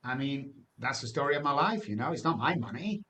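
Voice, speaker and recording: A man's voice: medium pitch, animated, a little fast, sharp tone. A man, telling his recovery story as a guest in an emphatic, personal way, often ending phrases with "man". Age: 60s.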